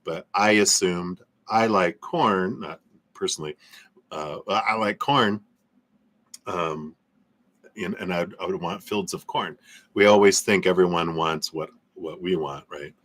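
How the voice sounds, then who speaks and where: A man's voice: low-pitched, a little slow, a bit bright. A man giving a live tarot reading in a loose, rambling way, full of fillers and small laughs. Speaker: tarot reader.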